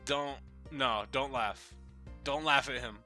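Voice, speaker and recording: Guy streaming a game, swearing and joking around, really bright sharp voice. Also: mid-range voice, slow, soft background music. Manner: casual, profane, joking. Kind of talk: live game commentary.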